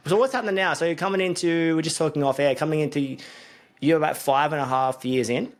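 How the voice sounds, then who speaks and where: A man's voice: a little high, fast. A man hosting a casual podcast chat, jokey and rambling with fillers. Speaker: podcast host.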